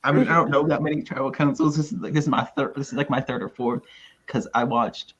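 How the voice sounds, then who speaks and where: A man's voice: mid-range voice, fairly even intonation, fast talker, a bit bright, a little hiss or hum. A man in his twenties chatting casually on a podcast, laid back, with chuckling asides. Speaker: podcast co-host. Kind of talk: casual recap chat. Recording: slightly dull, lo-fi sound.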